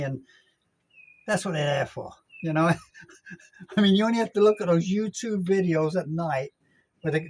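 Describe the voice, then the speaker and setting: A man's voice: fairly high pitch, darkish tone, slight background noise, poor audio. Older man rambling in a chatty vlog. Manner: rambling, chatty, self-correcting. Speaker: vlogger. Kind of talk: casual vlog chat. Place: outdoors at a gated apartment complex in Mexico. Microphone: handheld phone camera.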